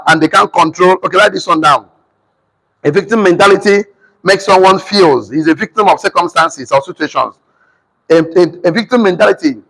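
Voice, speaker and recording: Gravelly Nigerian man lecturing a class. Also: high-pitched, a bit bright, big-room sound, poor audio. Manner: repetitive, call-and-response, dictates punctuation aloud. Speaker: seminar teacher.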